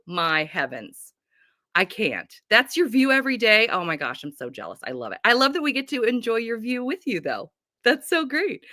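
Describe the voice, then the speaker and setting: A woman's voice: medium pitch, bright, forceful tone, dry recording, clean studio sound. A woman from North Carolina hosting a livestream book chat, bubbly and gushing, laughing often. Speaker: host. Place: home.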